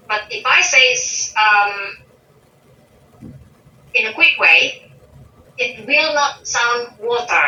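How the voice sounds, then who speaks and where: Hesitant non-native woman, bright, far off. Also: a little high, expressive, slow pace, pauses often. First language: not English. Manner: hesitant, with many restarts and fillers, then firm and emphatic. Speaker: interview guest. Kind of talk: casual interview conversation. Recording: distant, dull, echoey recording with faint noise.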